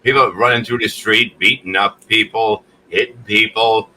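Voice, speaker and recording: A man's voice: lowish voice, steady tone, moderate pace, pushed and bright, slight background noise. A man co-hosting a comedy podcast, cracking profane jokes in casual chat. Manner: wisecracking, profane. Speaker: comedian co-host.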